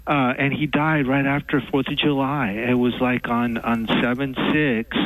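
Halting male caller with many fillers. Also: mid-range voice, flat delivery, no echo, poor audio. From Texas. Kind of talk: call-in radio chat.

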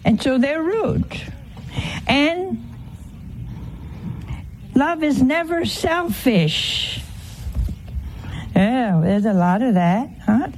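A woman's voice: high voice, lively intonation, extremely slow, long pauses, darkish tone, slight background noise, rough recording. A woman giving a homely, conversational sermon, teasing her listeners with rhetorical questions. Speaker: religious teacher.

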